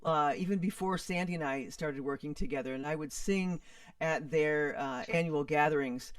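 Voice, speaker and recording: A woman musician being interviewed, speaking quietly and thoughtfully with pauses. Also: low voice, dry recording, far from the mic. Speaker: musician guest. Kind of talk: conversational interview.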